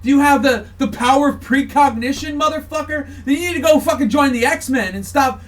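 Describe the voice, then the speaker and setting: A man's voice: very high voice, fairly quick, distant mic. A man hosting a podcast, launching into a heated, profane, mocking political rant. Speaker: podcast host.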